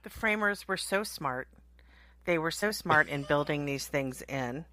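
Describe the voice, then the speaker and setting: A woman co-hosting morning talk radio, her voice bright and crisp as she trades wry jokes with the host. The studio sound is close and dry. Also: deep voice, lively intonation, no room sound. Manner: wry, quick, joking. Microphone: studio microphone.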